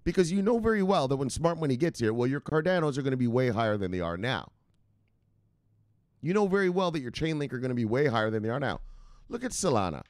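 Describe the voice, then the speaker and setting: Brash, profane man with a lively pitch. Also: fast talker, dry recording, studio quality. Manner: profane, brash, chuckling to himself; talks straight to viewers, asking for agreement. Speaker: host of a crypto news channel. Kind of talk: casual solo video commentary.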